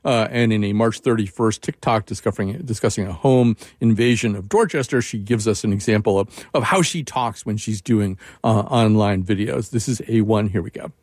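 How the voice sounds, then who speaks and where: An older man hosting a radio interview, talking in a conversational, animated way with frequent restarts. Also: lowish voice, normal speed, hardly any pauses, dry recording, studio quality. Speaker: radio show host.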